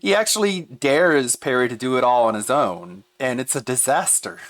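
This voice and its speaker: Animated laughing male streamer, dry sound. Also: mid-range voice, moderate pace, dry recording. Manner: animated, laughs often, swears, exasperated. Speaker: streamer reacting to a video. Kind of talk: casual reaction commentary.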